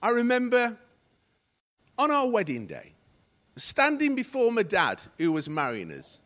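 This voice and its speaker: A middle-aged man preaching a sermon as associate pastor, telling stories and acting out the dialogue, going from hushed to loud. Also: sits high, wildly swooping pitch, unhurried. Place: church hall.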